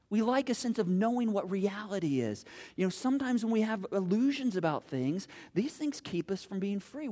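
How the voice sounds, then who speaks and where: A middle-aged man preaching a sermon as pastor, animated and full of restarts, dropping low for quoted lines.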